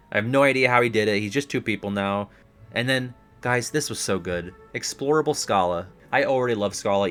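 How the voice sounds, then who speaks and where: A young man in casual reaction chat about a video game, rambling and excitable, laughing often. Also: lowish voice.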